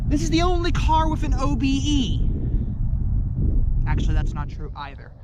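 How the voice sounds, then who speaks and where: High-voiced man rambling through a car walkaround. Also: heavy background noise. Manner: jokey, rambling, corrects his own gags. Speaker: car reviewer and channel host. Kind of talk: casual walkaround car review. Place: outdoors in the cold beside a car.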